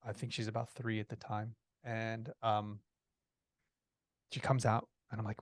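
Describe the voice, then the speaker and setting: A man telling a personal story as a podcast guest, in a lively way, with frequent restarts. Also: fairly low pitch, measured pace, no echo, clean studio sound. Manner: lively, acts out quoted voices, restarts often.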